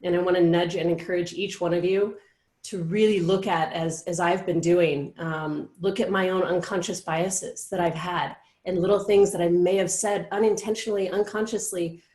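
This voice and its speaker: A woman hosting a casual live show, chatting encouragingly with frequent pauses and "um"s. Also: lowish voice, steady tone, a little mellow, reverberant. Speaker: host.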